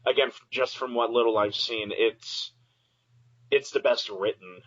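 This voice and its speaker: A man co-hosting a podcast in casual chat, expressive and quick to laugh out loud. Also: medium pitch. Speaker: podcast co-host. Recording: dull lo-fi audio.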